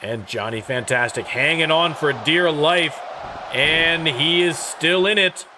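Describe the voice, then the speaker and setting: A man calling wrestling play-by-play and hosting the show, rattling off moves and rising to shouts on big hits. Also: fairly high pitch, slow pace, background noise. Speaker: play-by-play commentator and show host.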